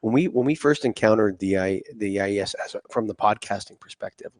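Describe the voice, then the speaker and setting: Laid-back podcast host guy, kinda low voice, rambly with ums, dry close mic. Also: brisk, darkish tone, no room sound. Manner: easygoing, many fillers, acts out quotes. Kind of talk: casual interview. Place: conference venue.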